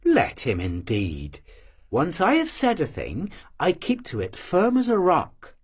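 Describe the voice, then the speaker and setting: An audiobook reader voicing a proud, serious young Cossack woman who answers quietly and firmly. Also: mid-range voice, huge pitch swings, unhurried, slightly rough, exaggerated voice. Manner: quiet, firm, curt replies. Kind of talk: audiobook character voice.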